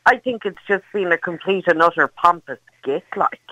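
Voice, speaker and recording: A woman's voice: fairly low pitch, lively intonation, moderate pace, bright, forceful tone, no echo, highs cut off. A woman calling in to a radio phone-in, outspoken and cheerful with the host. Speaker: caller.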